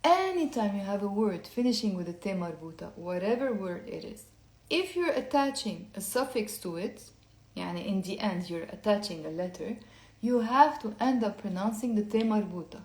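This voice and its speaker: Woman, teacher, quiet late-night lesson, chatty drills, mid-range voice, roomy echo. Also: medium pitch, lively intonation, normal speed. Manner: chatty, explains step by step, drills words aloud. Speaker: Lebanese Arabic teacher. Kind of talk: casual online language lesson. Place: indoor room at night. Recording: echoey room.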